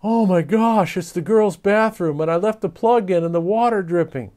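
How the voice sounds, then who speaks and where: A man's voice: high-pitched, normal speed, a little mellow, voice pushed up, close to an everyday voice. A man reading a storybook aloud, voicing an anxious, reluctant schoolboy who hesitates and complains. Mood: worried.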